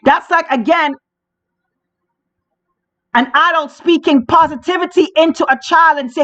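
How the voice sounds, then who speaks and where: A woman's voice: high voice, a little slow, long pauses, sharp tone. A woman hosting a podcast, delivering religious commentary in an emphatic, preachy way and repeating phrases for stress. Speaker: podcast host. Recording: dull lo-fi sound.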